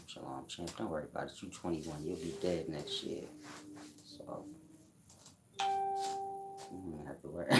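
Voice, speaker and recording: A man's voice: deep voice, expressive, normal speed, long pauses, slight background noise. A man hosting a casual livestream, reading out chat comments and answering them in a blunt, mocking way with frequent laughs. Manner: blunt, mocking, laughs at his own jabs.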